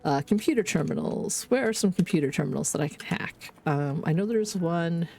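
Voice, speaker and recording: A woman's voice: fairly low pitch, animated, fairly quick, vocal fry, darkish tone. A Canadian woman streaming a game, chatting candidly and swearing freely, with rambling restarts. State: under the weather. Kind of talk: casual gaming stream chat.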